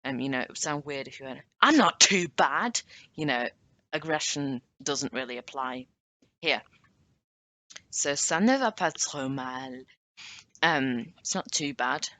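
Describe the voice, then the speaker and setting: A woman talks through a language lesson in a loose, chatty way, pausing to correct herself. Her voice sits low and moves slowly, with a bright, forward tone. She drags out each example phrase so it can be copied. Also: no room sound. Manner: chatty, self-correcting, drawn-out French examples. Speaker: language teacher. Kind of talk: casual video lesson.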